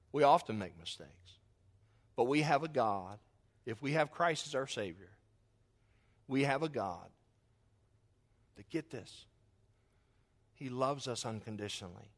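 A middle-aged man preaching a sermon as pastor, telling stories in an animated, self-mocking way and laughing often. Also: mid-range voice, unhurried, pauses often.

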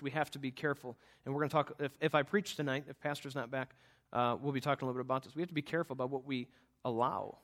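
Conversational preacher, slightly high voice. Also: male voice, fairly bright tone. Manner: conversational storytelling, halting restarts. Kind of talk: sermon with personal story.

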